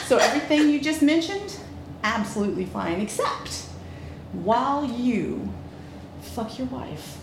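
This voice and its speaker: Frank, laughing woman telling a story. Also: a little high. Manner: frank, animated, quick to laugh. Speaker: guest. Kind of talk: casual storytelling. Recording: echoey room, faint noise.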